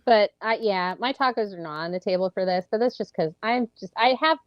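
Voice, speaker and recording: A woman's voice: medium pitch, fairly quick, dry recording, muffled recording. A woman, co-hosting a casual podcast in a chatty way. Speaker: podcast co-host. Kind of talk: casual chat.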